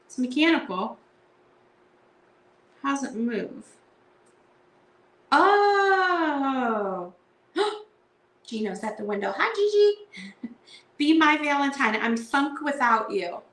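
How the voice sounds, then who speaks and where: A woman's voice: high-pitched, lively intonation, takes it slowly, long pauses, a bit bright. Chatty woman selling from an echoey room. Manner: chatty, reads card verses aloud in a playful sing-song. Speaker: live sale seller. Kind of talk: casual live sale chat. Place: indoor room at home.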